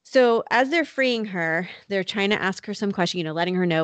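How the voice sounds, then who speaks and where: A woman's voice: lowish voice, normal speed, hardly any pauses, no room sound. A woman hosting a podcast, telling a true crime story in casual chat, full of "like" and "you know". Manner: conversational, many "like" and "you know" fillers. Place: North Carolina.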